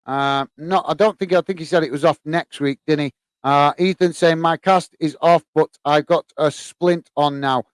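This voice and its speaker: Male livestream host, slightly high voice, smooth and clear, close and dry sound, easygoing chatter. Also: moderate pace, no room sound. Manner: relaxed, chatty, many fillers, calls listeners mate. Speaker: host of a football fan channel. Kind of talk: casual live-stream chat reading viewer comments.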